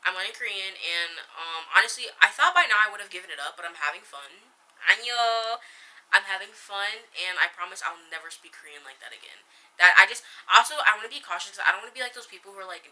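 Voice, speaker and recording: A woman's voice: lowish voice, rough recording. A teenage girl hosting her own podcast, rambling casually and correcting herself as she tells stories. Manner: rambling, self-correcting, animated storytelling. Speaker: podcast host. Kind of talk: casual chat.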